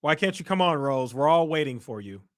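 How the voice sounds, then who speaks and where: A man's voice: fairly high pitch, animated, a little fast, no echo, clean studio sound. A man from the United States hosting a casual livestream, reading the chat aloud and teasing and mocking a viewer. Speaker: livestream host.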